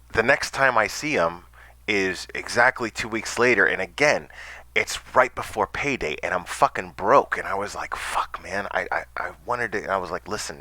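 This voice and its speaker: Low-voiced man rambling through a story. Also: pushed and bright, dry recording. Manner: rambling with many stammered restarts and swearing. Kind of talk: casual storytelling monologue.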